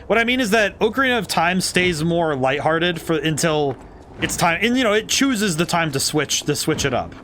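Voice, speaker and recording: A man's voice: fairly high pitch, animated, normal speed, fairly bright tone, slight background noise. A man streaming a game, musing thoughtfully and rambling as he corrects himself mid-sentence. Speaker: game designer streaming gameplay. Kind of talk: casual livestream commentary.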